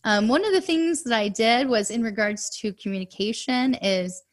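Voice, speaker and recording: A woman in her thirties, a money coach, chatting as a guest on a podcast interview and telling stories with quick asides. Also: on the high side.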